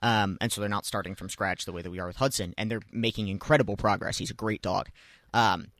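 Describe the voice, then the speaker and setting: A man's voice: lowish voice, fast, dry recording, clean studio sound. A man hosting a casual podcast, telling a long rambling story with lots of restarts and asides. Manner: animated, rambling with many restarts.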